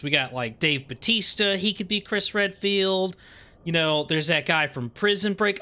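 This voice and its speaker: A young man streaming a video game with casual commentary. He swears freely and rants with growing excitement. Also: fairly high pitch, moderate pace. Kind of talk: casual let's-play commentary.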